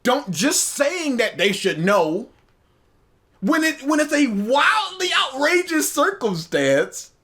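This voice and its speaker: Animated man ranting on a podcast. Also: very high voice, slow. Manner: animated, incredulous, rants with acted quotes. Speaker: podcast co-host. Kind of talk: casual reaction chat.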